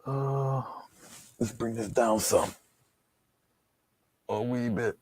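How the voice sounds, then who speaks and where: A man with a gravelly, husky voice talks viewers through a live painting demonstration. He keeps it unhurried and easygoing, drifting between jokes and brushwork, and his voice is low and dark, close to the mic in a dry room. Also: no echo. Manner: relaxed, joking, talks to viewers while painting. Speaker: painting instructor.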